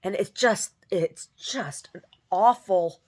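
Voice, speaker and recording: A woman who sings tells a story in a casual, exasperated rant, often mimicking other people. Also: takes it slowly. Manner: animated, exasperated, mimics others in high voices. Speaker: singer.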